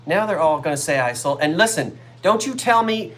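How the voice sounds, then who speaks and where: A woman from South Jersey with a South Jersey accent, hosting a live online sale and telling stories in a casual, animated way. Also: sits low, normal speed, slight background noise. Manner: chatty storyteller, animated, laughs easily.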